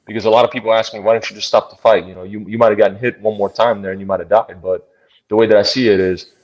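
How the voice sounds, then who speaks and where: A man, a bare knuckle fighter, telling a fight story in an interview in a blunt, profane, animated way. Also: on the low side, dull audio.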